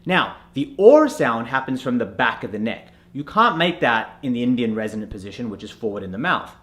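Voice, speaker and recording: A man teaching a pronunciation lesson as an accent coach, clear and instructive, spelling out sounds letter by letter. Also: mid-range voice, sing-song, a little fast, fairly bright tone.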